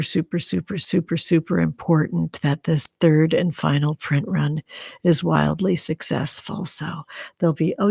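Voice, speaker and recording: Gravelly, low-voiced woman tarot streamer. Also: dry recording, clean studio sound. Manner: affectionate, calls viewers honey and sweetie; drops into soft whispers while reading comments. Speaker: tarot reader and live-stream host. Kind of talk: casual live-stream chat.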